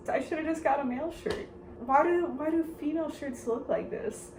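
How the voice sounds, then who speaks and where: Young woman, casual vlogger, slightly high, joking and self-mocking, faint noise behind. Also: moderate pace, darkish tone. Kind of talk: casual vlog chat.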